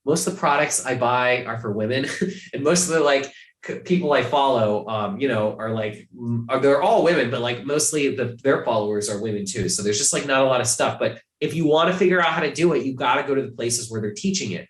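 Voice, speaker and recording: A man's voice: mid-range voice, fairly quick, reverberant. A man from Ohio, a podcast guest chatting casually, rambling with many fillers and restarts. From Ohio, USA.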